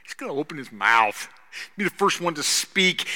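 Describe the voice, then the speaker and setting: Bright-voiced preacher man in a reverberant hall. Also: a little high, expressive, moderate pace, gravelly. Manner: conversational preaching, swinging between loud and hushed. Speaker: pastor. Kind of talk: sermon. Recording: long reverb of a large hall.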